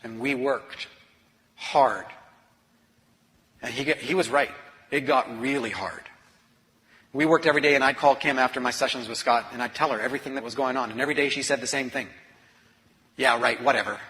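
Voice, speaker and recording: A man, an author and speaker, telling a personal story in an earnest, confessional way that moves from hushed to intense. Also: mid-range voice, fairly even intonation, fairly quick, long pauses. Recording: long reverb of a large hall.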